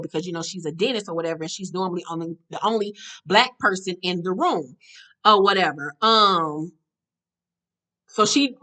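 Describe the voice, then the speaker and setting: A woman vlogger recapping a reality show episode in a blunt, profane, animated way. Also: medium pitch. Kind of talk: casual storytelling recap.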